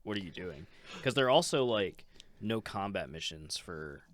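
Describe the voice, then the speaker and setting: A man's voice: low-pitched, lively intonation, a little slow, dry recording. A man co-hosting a podcast in casual chat, easygoing, laughing often and leaning on fillers. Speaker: podcast co-host.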